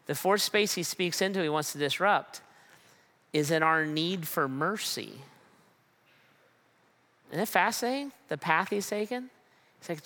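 A man's voice: fairly high pitch, animated, unhurried, long pauses, pushed and bright. A man preaching a sermon with emphatic repetition and rhetorical questions. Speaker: pastor.

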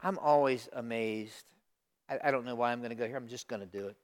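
A middle-aged man preaching a sermon as pastor, swinging from hushed asides to loud emphatic lines. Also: medium pitch, fast talker.

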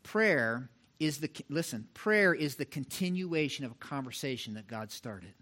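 A middle-aged man preaching a sermon as pastor, animated and talking straight to the congregation, acting out little voices to make his points. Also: mid-range voice, normal speed. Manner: animated, mimics voices for illustration, direct address to congregation.

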